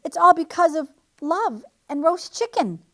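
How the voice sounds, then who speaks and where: A woman voicing a clever small male guinea pig trickster, excited and quick-witted. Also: very high voice, voice pushed up, heavily acted. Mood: pleading.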